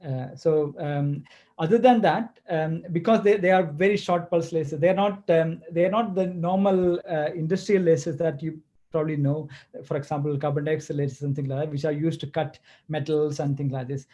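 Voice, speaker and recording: A man from Kerala, India, answering questions as a guest lecturer in a webinar, speaking haltingly with many restarts over a video call. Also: fairly high pitch, fairly even intonation, dark tone. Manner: halting, hesitant, full of restarts.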